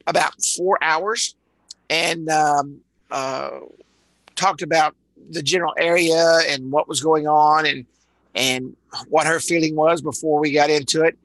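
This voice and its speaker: A man's voice: a little high, steady tone, a little slow, fairly bright tone, no room sound, low-quality recording. A man from Dallas with a Texan accent, leading a live online sales training in a rambling way, full of repeated words and uhs. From Dallas, Texas.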